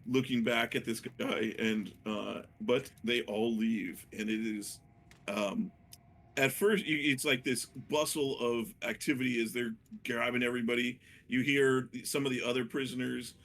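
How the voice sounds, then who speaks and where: A man narrating a tabletop game as dungeon master, hesitant and full of fillers, with a gravelly voice. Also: medium pitch, fairly even intonation, measured pace, a bit bright. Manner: hesitant, many fillers and restarts.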